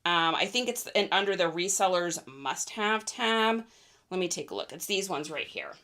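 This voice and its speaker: A woman's voice: lowish voice, lively intonation, moderate pace, pushed and bright. A woman chatting casually on a live stream about items she resold, bubbly and talkative, reading out viewer comments. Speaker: reseller streamer.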